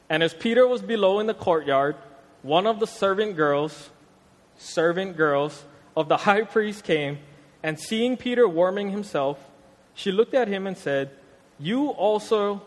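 A young man delivers a casual sermon, easygoing and full of slang. His voice sits a bit high for a man, and a long church-hall reverb trails every phrase. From Hawaii. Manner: conversational, animated, street slang. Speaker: preacher.

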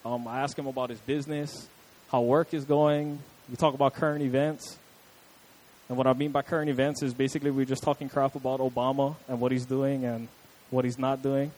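A man's voice: medium pitch, flat delivery, a little fast, a little mellow, low-quality recording. A young adult man preaching a casual, conversational sermon with chatty asides to his listeners.

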